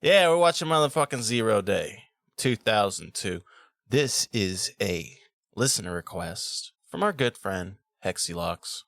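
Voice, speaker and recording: A man's voice: fairly low pitch, animated, unhurried, gravelly, a bit bright, no echo, clean studio sound. A man hosting a casual movie podcast, swearing freely, laughing often and reading credits off the cuff. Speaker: podcast host.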